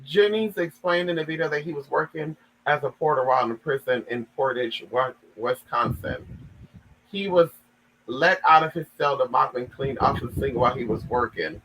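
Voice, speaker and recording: A man's voice: mid-range voice, normal speed, a bit bright, a little hiss or hum, low-quality recording. A man giving sassy, dramatic gossip commentary, reading a story aloud and reacting to it.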